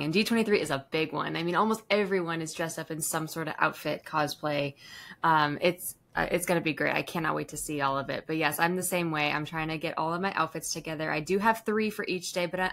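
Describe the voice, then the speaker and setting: A woman's voice: low voice, a bit bright. A woman co-hosting a casual podcast, friendly and laid-back, easily amused. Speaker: podcast co-host. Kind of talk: casual chat.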